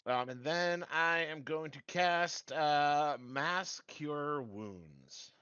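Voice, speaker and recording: A man's voice: fairly high pitch, extremely slow, sharp tone, clear, resonant tone, no echo. A man playing a tabletop game, eager and swearing casually as he declares his moves. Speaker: player. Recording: slightly muffled lo-fi audio.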